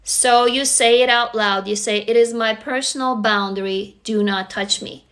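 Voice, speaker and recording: A woman's voice: on the high side, fairly even intonation, normal speed, a bit bright. A woman in her forties from Russia with a Russian accent, chatting candidly and encouragingly to viewers on a live stream, swearing freely. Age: 40s. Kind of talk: casual live stream chat.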